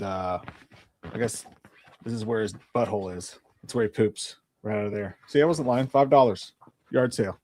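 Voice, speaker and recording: A man's voice: mid-range voice, a little mellow. A man in his forties hosting a live stream, telling a rambling story with crude jokes in casual chat. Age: 40s. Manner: rambling and jokey, with crude humor.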